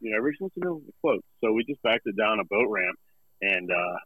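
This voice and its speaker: A man talking as a guest in a casual interview, relaxed and halting with many fillers. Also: lowish voice, breathy edge, no room sound, narrow, tinny audio. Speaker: guest, company representative.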